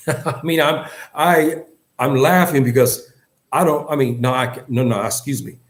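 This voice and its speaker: A man's voice: medium pitch, fairly even intonation, a little slow. A man giving an Islamic lesson in English, earnest and emphatic, often repeating himself and restarting his sentences. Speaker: religious teacher.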